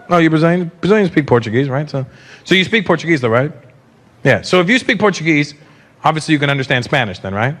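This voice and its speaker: With a fairly bright voice on the high side, a man in his fifties from Canada works a big live venue with brash stand-up. He ribs the audience and drops into impressions while faint laughter drifts in.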